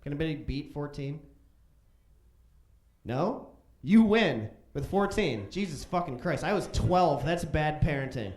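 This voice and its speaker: A man in his thirties from Chicago performs stand-up with a fairly high, very lively voice that swoops up and down. He tells crude stories and jumps into loud voices for quotes. The sound echoes around a roomy club stage. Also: unhurried. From Chicago, USA. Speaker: stand-up comedian. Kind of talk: stand-up comedy storytelling.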